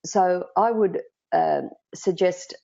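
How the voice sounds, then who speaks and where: Low-voiced Australian woman coaching. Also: slow pace, gravelly, muffled recording, a little hiss or hum. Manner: lively, emphatic, acts out quoted thoughts. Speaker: public speaking coach. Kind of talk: interview guest advice.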